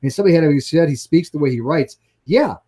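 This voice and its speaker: A man with a slightly high voice talks excitedly in casual chat, stumbling over restarts and swearing for emphasis. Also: racing. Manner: excitable, profane, stammering restarts.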